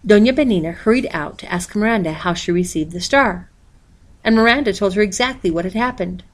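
A woman reading a picture book aloud at a steady pace, with plenty of expression as she moves through the story. Her pitch sits in a middle range for a woman. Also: fairly quick. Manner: steady, expressive, reads page numbers aloud. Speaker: storybook reader.

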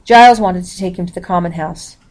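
A woman reading a historical novel aloud, calling out the page numbers as she goes. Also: on the low side. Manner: even, measured reading with page numbers announced. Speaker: reader.

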